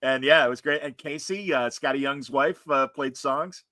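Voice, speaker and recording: A man's voice: mid-range voice, moderate pace, pushed and bright, no room sound. A man hosting a casual chat show, talking in a rambling way with lots of fillers and restarts. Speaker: host.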